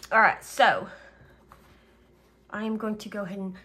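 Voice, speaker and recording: A woman's voice: medium pitch, steady tone, moderate pace, sharp tone, breathy edge. A woman in a casual vlog, chatting through her weekly budget and thinking aloud with frequent fillers. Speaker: budgeting vlogger.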